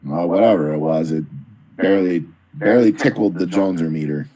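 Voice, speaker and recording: A man's voice: deep voice, fairly quick, dark tone. A man co-hosting a casual live stream, telling stories in an easygoing way. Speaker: co-host of a toy live stream.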